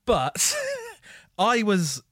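Lively man, dry close sound. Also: high voice, very slow, dry recording. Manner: self-deprecating, apologetic storyteller. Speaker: podcast host. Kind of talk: casual chat.

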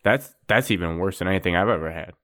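A man's voice: low voice, fast, fairly bright tone, dry recording. A young man hosting a podcast in a casual, laid-back way, asking questions. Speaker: podcast host. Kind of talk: casual chat.

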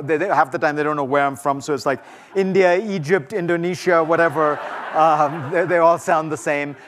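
A man's voice: on the high side, moderate pace, a bit bright. A man giving a conversational, emphatic festival talk and taking audience questions, often restarting his sentences. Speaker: guest speaker. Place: lecture hall before an audience.

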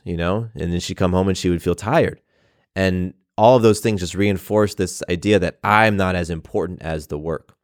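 A man's voice: sits low, no echo, studio quality. A man in his thirties telling a personal story in a reflective, earnest way, often repeating phrases. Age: 30s.

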